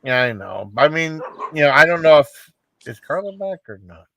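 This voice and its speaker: A man's voice: fairly high pitch, very animated, normal speed, gravelly, fairly bright tone, dry recording. A man chatting casually on a live stream, upbeat and rambling with lots of fillers. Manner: rambling, upbeat, many fillers like "you know" and "I mean". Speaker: livestream host.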